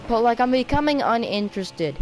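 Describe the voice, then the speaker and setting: A woman giving rambling, self-mocking commentary while playing a racing game, with sudden excited outbursts. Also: a little high, a little fast, soft background music, low-quality recording. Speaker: gaming video creator. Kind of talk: rambling let's-play commentary.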